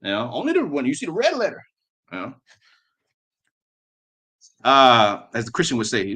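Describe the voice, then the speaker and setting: A man's voice: mid-range voice, big pitch swings, normal speed, pauses often, bright, forceful tone, breathy edge. A man preaching, who reads old-style scripture and then explains it in blunt street slang, often repeating words. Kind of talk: sermon with scripture reading.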